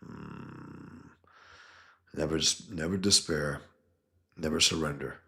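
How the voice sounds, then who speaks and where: A man voicing a grim masked male vigilante in clipped, deadpan sentences. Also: rumbling low, slow, vocal fry, exaggerated voice. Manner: terse clipped deadpan reading.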